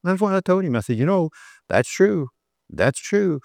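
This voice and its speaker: An older man preaching a sermon, telling a story and rising to emphatic points, then slowing down to read scripture. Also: high-pitched, very animated, creaky, darkish tone, dry recording, clean studio sound.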